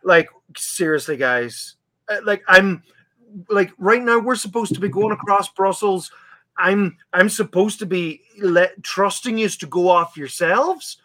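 A young man in casual chat, telling a story with animated asides and acting out what he said back then. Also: sits high, a little slow, no room sound. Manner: animated storyteller, acts out his own past lines. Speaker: podcast guest.

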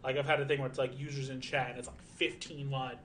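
A man's voice: mid-range voice, flat delivery, fast, a bit bright. Male streamer, twenties, loose profane chatter, light background noise. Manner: rambling, profane, lots of fillers. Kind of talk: casual chat.

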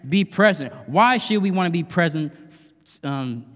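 A man's voice: fairly high pitch, animated, a little slow, a bit bright. A male guest preacher giving a conversational, emphatic sermon in a church, often adding tag questions. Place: church sanctuary. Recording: long hall reverb.

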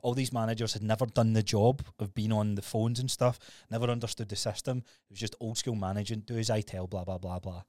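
Speaking briskly with few pauses, this young man co-hosts a podcast and recounts stories in a relaxed chat full of swearing and lively retellings. His pitch is fairly low, and there's no room sound in the recording.

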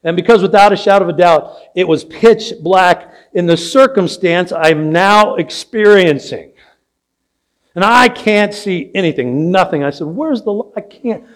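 A man's voice: sits high, a little slow. An older man preaching a sermon as pastor, telling a story and asking the congregation questions. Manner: storytelling, asks the audience questions. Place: church sanctuary.

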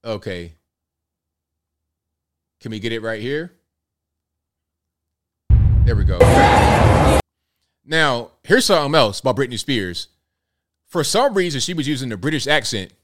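A man's voice: medium pitch, sing-song, unhurried, long pauses, background noise. A man in his thirties hosting a casual commentary show, chatty and incredulous as he talks through a clip. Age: 30s. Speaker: host.

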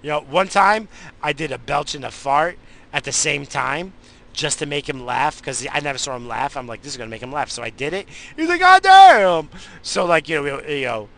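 A man rambling in a profane, easily distracted casual monologue while high. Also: brisk, vocal fry, bright, forceful tone.

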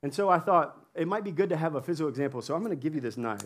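Playful high-voiced male pastor. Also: expressive, racing. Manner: playful, chatty, laughs often. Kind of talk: sermon with audience interaction. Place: church hall with congregation.

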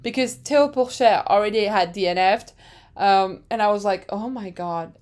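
A woman's voice: medium pitch, moderate pace, darkish tone. A woman hosting a podcast with casual, dramatic chat. She often laughs at her own jokes. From France. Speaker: podcast host.

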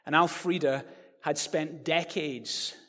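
A man preaching a sermon, animated and building to loud proclamations. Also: on the high side, slow pace. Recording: reverberant hall.

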